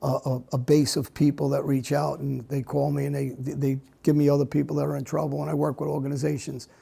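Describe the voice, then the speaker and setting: A middle-aged man, an interview guest, speaking bluntly in a halting way with many restarts. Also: fairly high pitch, little pitch movement, gravelly, warm tone, breathy edge. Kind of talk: candid conversational interview.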